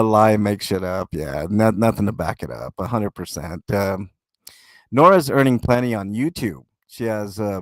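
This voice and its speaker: A man's voice: lowish voice, no echo. A man hosting a casual livestream, reading chat messages aloud and rambling with many fillers, restarts and swearing. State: talking with a mouth full of food.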